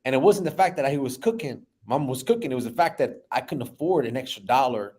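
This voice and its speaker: A man in his thirties, a business owner telling an emotional personal story in an animated way, often repeating words. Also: mid-range voice, quick pace.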